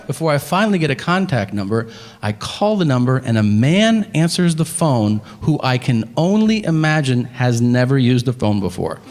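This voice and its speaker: A man telling a stand-up story on stage, deadpan and exasperated as he acts out the dialogue. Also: mid-range voice, moderate pace. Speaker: stand-up comedian. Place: comedy theater stage. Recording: live theater hall with faint ambience. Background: audience laughter.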